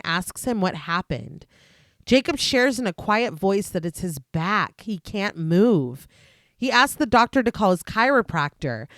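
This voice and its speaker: A podcast host, a woman with a medium-pitched voice, reads a scripted plot recap of a film. Her narration is steady and descriptive, sprinkled with dry asides, and the sound is dry with no echo.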